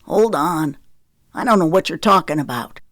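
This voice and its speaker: A woman's voice: low voice, expressive, normal speed, a bit bright, no room sound, studio quality. A woman voicing a remorseful husband who pleads over the phone in an audiobook. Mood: pleading. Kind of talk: audiobook character voice.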